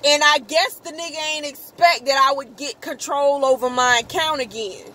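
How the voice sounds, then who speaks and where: A woman vlogger telling a personal story in a casual, animated way, cursing freely and acting out her own outbursts. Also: sits high, normal speed, low-quality recording. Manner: animated, profane, exclaims in quoted outbursts.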